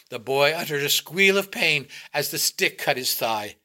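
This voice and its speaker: A man reading a short story aloud in a measured, dramatic narration. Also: on the high side, lively intonation, pushed and bright. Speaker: reader.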